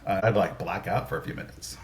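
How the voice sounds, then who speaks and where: A man in his thirties chats as a podcast guest, his voice sitting fairly low. He rambles through his stories with lots of "like" and false starts. A faint hiss sits under the recording. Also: fast talker. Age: 30s. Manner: rambling, heavy use of "like", frequent restarts. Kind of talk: casual storytelling chat.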